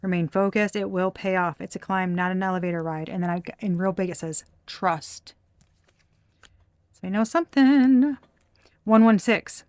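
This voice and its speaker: Woman tarot reader, casual and blunt, swears a lot, mid-pitched, dry close recording. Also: a little fast, a little mellow, no echo. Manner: blunt and profane, laughing often.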